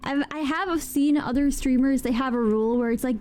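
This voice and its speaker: A woman hosting a casual interview, speaking in a relaxed, agreeable way with small hesitations. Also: sits high, brisk. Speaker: host.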